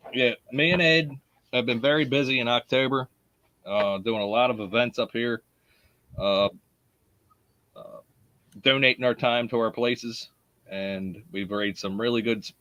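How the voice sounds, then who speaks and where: A man's voice: medium pitch, fairly bright tone, no echo, lo-fi sound. A man with a Baltimore accent hosting a live podcast in a casual, chatty way, greeting listeners by name and laughing often. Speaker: podcast host.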